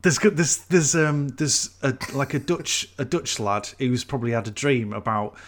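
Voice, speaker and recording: Bloke on a podcast, swears a lot, chatty anecdotes. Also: male voice, mid-range voice, moderate pace, a bit bright. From Yorkshire. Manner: sweary, anecdotal, laughs along. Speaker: podcast co-host. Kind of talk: casual banter.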